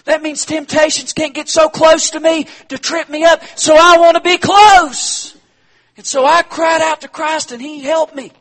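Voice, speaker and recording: A man voicing an excited young male college student who shouts with joy. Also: extremely high pitch, a little slow, voice pushed up. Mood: thrilled.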